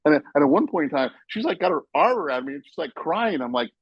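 A man on a casual podcast, telling stories with animated, loud acted-out quotes. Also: fairly high pitch, quick pace, husky, no echo, lo-fi sound. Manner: animated storyteller, acts out quotes loudly. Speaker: podcast guest, basketball writer.

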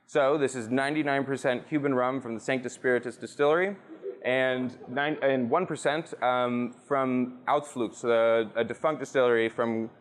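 Medium-pitched and steady, the man talks at a moderate pace as a podcast guest from a rum brand. The casual storytelling interview takes place in a rum bar, and his chat is loose and profane.

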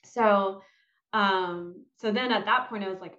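A woman's voice: medium pitch, a little slow, fairly bright tone. Woman chatting away, story with lots of ums, sounds roomy and kinda dull. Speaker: guest mom. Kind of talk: casual chat.

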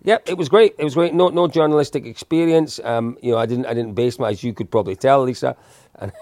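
A man's voice: medium pitch, fast, a little mellow, dry recording, studio quality. A man in his fifties, a guest telling casual stories in a chatty, self-deprecating way with lots of restarts. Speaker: interview guest. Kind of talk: casual storytelling.

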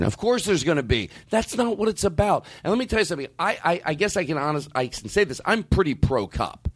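Man, podcast host, swearing, fairly high voice, swooping intonation. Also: fairly quick, hardly any pauses. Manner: animated, profane, repeats and restarts. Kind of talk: casual podcast conversation.

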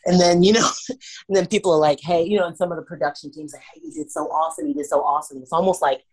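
Animated, husky woman wrestler guest. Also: low voice, quick pace. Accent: Washington D.C. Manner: animated, laughs often, acts out moments. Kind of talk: casual interview chat.

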